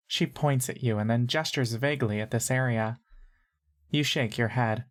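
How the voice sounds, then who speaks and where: A woman narrating a story in second person in a calm, measured way. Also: very deep voice. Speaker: audiobook narrator.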